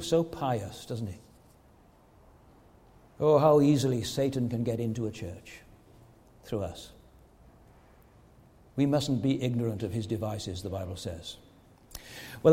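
A man preaching a sermon as pastor, emphatic and full of rhetorical questions, slowing down to stress his points. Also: mid-range voice, darkish tone, big-room sound.

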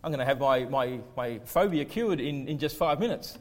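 A pastor voicing an eager woman with a phobia in a retold sketch, speaking more quietly. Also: mid-range voice, animated, moderate pace, big-room sound, close to an everyday voice. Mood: hopeful.

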